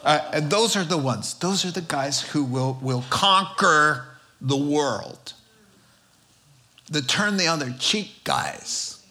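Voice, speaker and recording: A man preaching a sermon in an animated, jokey way, acting out quotes with big swings in his voice. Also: a little high, slow pace.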